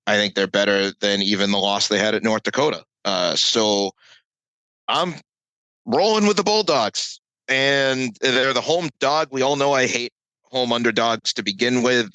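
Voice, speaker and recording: A man's voice: on the low side, no echo, low-quality recording. A man co-hosting a casual sports betting chat over a call, talking animatedly and cutting himself off. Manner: animated, self-interrupting, jokey. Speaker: podcast co-host, betting analyst. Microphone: remote call mic.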